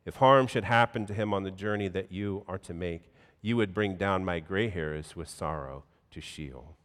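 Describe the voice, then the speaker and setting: A pastor reading scripture aloud in a measured, solemn way, then preaching a sermon in a church. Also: male voice, low voice, a bit bright. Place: church sanctuary. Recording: long hall reverb.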